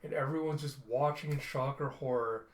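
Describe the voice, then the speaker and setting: Male comic reviewer, casual animated retelling, roomy sound. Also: mid-range voice, moderate pace. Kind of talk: casual comic book readthrough. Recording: echoey room.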